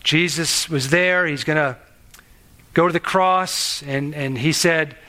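A man's voice: fairly high pitch, slow pace, bright, forceful tone. A man preaching a sermon in an earnest, conversational way, asking the listeners questions and restarting his sentences. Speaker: pastor.

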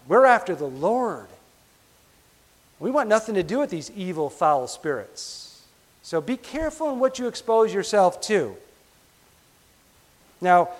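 Brief: male pastor, fairly high voice, emphatic sermon with quiet drops, recorded in a hall with a long reverb. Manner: emphatic, often drops to a quiet, low delivery.

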